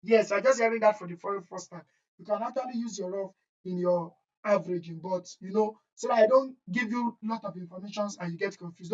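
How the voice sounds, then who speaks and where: A woman's voice: mid-range voice, a little fast. A woman teaching an online chemistry exam-prep lesson, repeating key points and often checking that students follow. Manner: repetitive, emphatic, checks understanding often. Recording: dull lo-fi audio.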